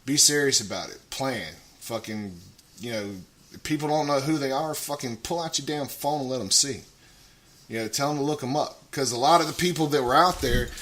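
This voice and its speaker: A man talking casually on a radio show, rambling, swearing a lot and getting loud. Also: on the high side.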